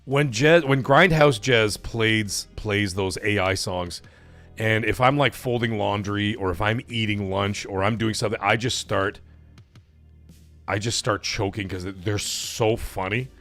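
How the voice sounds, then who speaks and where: A man's voice: fairly low pitch, measured pace, a bit bright, faint music behind. A man hosting a casual gaming livestream, chatty and rambling, laughing often as he reads chat. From Italian-American background. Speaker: livestream host.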